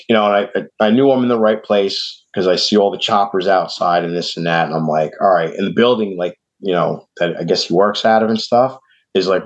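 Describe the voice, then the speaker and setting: A man from New York with a New York accent, casually telling a long story on a podcast and acting out the voices of the people in it. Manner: animated, acts out quoted voices in a higher pitch. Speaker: podcast host. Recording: dull lo-fi podcast audio.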